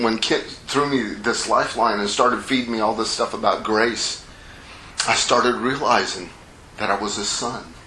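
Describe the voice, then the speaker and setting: Echoey, bright-voiced male preacher. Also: on the low side, slight background noise. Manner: folksy, conversational, acts out the parable's characters. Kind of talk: sermon. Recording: echoey room with faint ambience.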